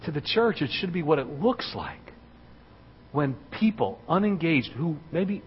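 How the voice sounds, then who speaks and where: A man giving a sermon as a guest speaker in a church, telling a story and building to loud, excited preaching. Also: on the high side, unhurried, slight background noise. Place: church sanctuary. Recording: dull recording in a reverberant hall.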